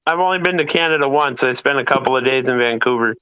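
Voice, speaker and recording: A talkative man jokes his way through a casual livestream chat. His voice is bright and smooth. The mic is dry and a little dull. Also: medium pitch, fast, dry recording. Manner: joking, talkative. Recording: dry, slightly muffled mic.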